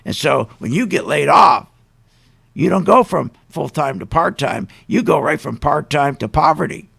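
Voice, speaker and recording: Indignant gravelly talk radio host. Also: male voice, fairly high pitch, animated, moderate pace, a bit bright. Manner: indignant, emphatic, rhetorical questions.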